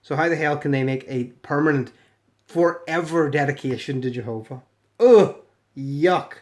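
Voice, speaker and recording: A man's voice: medium pitch, moderate pace. A British man giving sarcastic, swearing commentary on comments he reads aloud in mocking voices. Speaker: video commentator.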